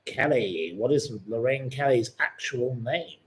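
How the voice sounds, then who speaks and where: A man's voice: medium pitch, unhurried, a little mellow. A man hosting a live-stream quiz, chatting in a rambling, opinionated way between questions. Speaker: livestream host.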